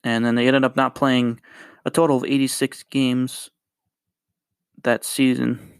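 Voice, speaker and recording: A man's voice: mid-range voice, flat delivery, unhurried, clear, resonant tone, no room sound. A man hosting a solo podcast, talking casually and rambling through facts with many fillers. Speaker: podcast host.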